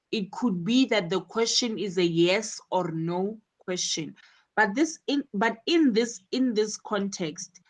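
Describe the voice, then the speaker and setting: A woman's voice: medium pitch, rough recording. A woman teaching English, explaining a textbook dialogue and repeating her points as she goes.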